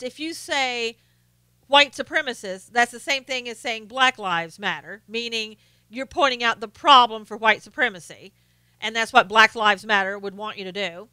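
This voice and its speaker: A woman's voice: fairly high pitch, pushed and bright, smooth, no echo. A woman hosting a live stream, giving opinionated casual political commentary and greeting chat viewers by name, with many fillers and restarts.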